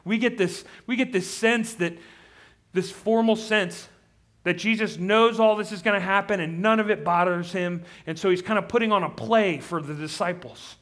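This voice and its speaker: A man's voice: high voice, moderate pace. A man preaching a sermon with impassioned delivery, rising to pleading intensity. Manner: impassioned, rising to near-shouted pleading when quoting. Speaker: pastor.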